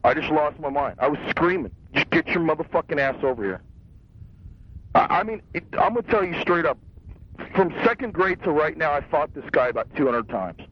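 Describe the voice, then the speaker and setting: A young man telling an angry, profane story in a casual, rambling rant about getting even. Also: a little high, fairly quick. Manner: profane, hotheaded, boastful, rambling. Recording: dull lo-fi radio sound.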